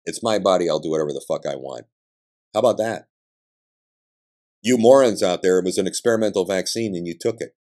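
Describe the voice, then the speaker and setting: A man's voice: deep voice, fairly quick, pauses often, mellow. A man hosting a podcast, delivering a combative political monologue with blunt, emphatic ranting and profanity. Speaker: podcast host.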